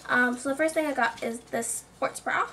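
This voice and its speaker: A woman's voice: high voice, normal speed, a bit bright, slight background noise. A young woman chatting casually in a clothing haul video, full of "like" and self-mocking asides. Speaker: vlogger.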